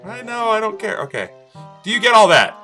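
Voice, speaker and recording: A man's voice: high voice, big pitch swings, fairly quick, bright, forceful tone. A man casually commenting on his gameplay, playful and jokey, talking back to the game's characters. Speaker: let's play host. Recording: faint game music behind.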